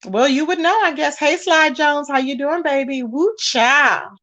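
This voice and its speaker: A woman hosting a casual livestream, reading viewers' comments aloud and reacting with lively exclamations and frequent laughter. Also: high voice, measured pace. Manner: animated, laughs often, calls viewers baby and child. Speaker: livestream host reading chat. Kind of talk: casual chat.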